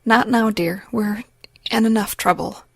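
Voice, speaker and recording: A woman's voice: medium pitch, unhurried, creaky, husky, dry recording. Lady doing a stern old nun, firm and grim, audiobook voice. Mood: gentle. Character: stern older nun, protective and composed. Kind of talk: audiobook character reading.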